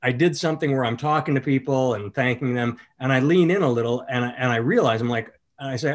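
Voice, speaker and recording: A man hosting a casual podcast, talking as a comedian in an easygoing, rambling storytelling way. He jumps into louder, livelier voices whenever he quotes someone, then settles back into plain chat. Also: medium pitch, quick pace, hardly any pauses. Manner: storytelling, animated when quoting others.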